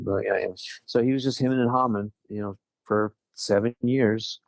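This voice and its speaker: Steady in tone and moderate in pace, a man from Southern California recounts a personal story as a podcast guest. His lowish voice comes through a dry recording as he chats, quotes conversations, and laughs lightly now and then.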